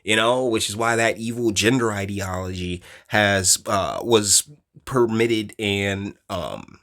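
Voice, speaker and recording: Man with a low-ish voice, blunt, slangy, preachy commentator rant. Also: slow pace, a bit bright. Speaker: online commentator. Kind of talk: casual opinion rant.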